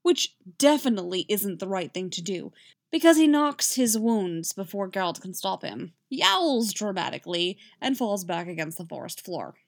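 A woman reading fan fiction aloud, in an expressive storytelling manner. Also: medium pitch, normal speed. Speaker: reader.

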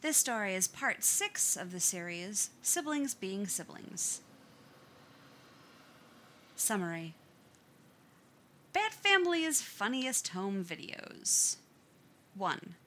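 Brief: female reader of fan fiction, expressive, unhurried, bright tone. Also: mid-range voice, a little hiss or hum. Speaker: story reader. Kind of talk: audiobook narration of fan fiction.

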